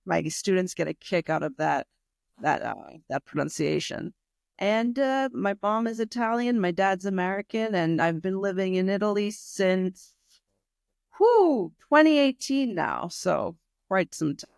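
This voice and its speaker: A woman from New York City speaks with a New York accent as a guest on a video call. She is casual and playful and jokes lightly. Her voice sits at a middle pitch and sounds dry and close. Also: sing-song, measured pace, gravelly, no room sound. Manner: playful, joking. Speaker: guest, English teacher. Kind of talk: casual chat. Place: home in Rome.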